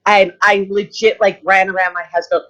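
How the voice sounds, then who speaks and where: A woman in her fifties, an actress guest telling excited stories in a casual interview. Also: mid-range voice, moderate pace. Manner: excited, gushing storyteller. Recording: slightly muffled audio.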